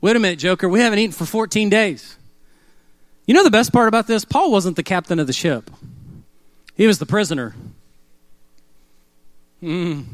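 A middle-aged man delivers a sermon in a high voice. He talks in a loose, conversational way, mixes humor into his stories and has the crowd repeat lines back. The sound is close and dry. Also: no echo. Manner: conversational, humorous storytelling with call-and-response. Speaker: pastor.

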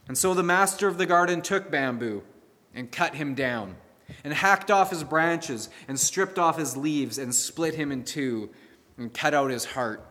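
Male preacher, sermon with a fable, earnest storyteller, slightly high voice, reverberant hall. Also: measured pace, bright, forceful tone.

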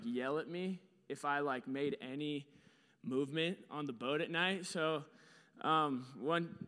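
A man's voice: fairly high pitch, bright, forceful tone, long reverb tail. A young man telling a story with slides in a casual, rambling way. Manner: casual, rambling, lots of fillers.

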